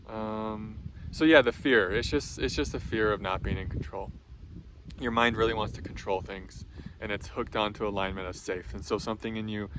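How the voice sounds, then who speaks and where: Soft-spoken man, low, gentle spiritual talk. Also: a little hiss or hum. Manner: soft, slow, reassuring, with many ums and restarts. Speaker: spiritual teacher.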